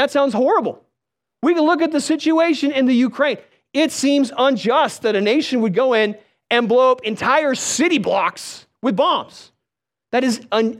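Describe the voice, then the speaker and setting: Animated man preaching a sermon. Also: very high voice. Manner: storytelling, animated, calls out to the crowd.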